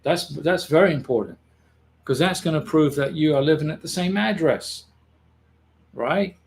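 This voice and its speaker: A man's voice: on the high side, normal speed, vocal fry, slight background noise. A man hosting an advice livestream, talking casually to viewers in a reassuring way and often repeating or restarting his phrases. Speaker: immigration advice livestream host.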